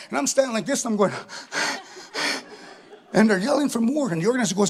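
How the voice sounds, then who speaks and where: A middle-aged man from Canada telling a stand-up comedy story on a theatre stage, animated, chuckling as he acts out voices. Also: extremely high pitch, fairly quick, long pauses, husky. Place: theatre stage with live audience.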